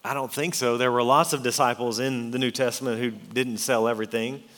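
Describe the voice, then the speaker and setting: A man's voice: mid-range voice, fairly even intonation, brisk, a bit bright. Preacher man in an echoing hall. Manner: earnest, emphatic, reads scripture aloud. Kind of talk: sermon. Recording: long hall reverb.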